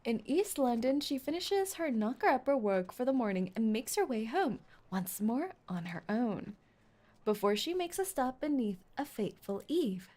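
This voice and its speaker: A woman streamer who gushes and giggles while reading a game story out loud and reacting to it. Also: on the high side, very animated, normal speed. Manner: gushing, giggly, exclaiming.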